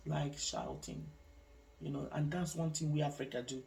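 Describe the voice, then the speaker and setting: A woman's voice: low voice, expressive, vocal fry, darkish tone. Emotional woman, distant from mic. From Nigeria. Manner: emotional, halting, with frequent restarts and religious asides. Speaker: vlogger sharing her life story. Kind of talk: personal testimony vlog.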